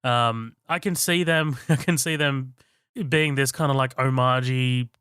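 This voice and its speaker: Smooth bright Australian-accented man. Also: mid-range voice, a little slow, no room sound, clean studio sound. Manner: hesitant, many fillers. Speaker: podcast co-host. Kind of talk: casual movie discussion.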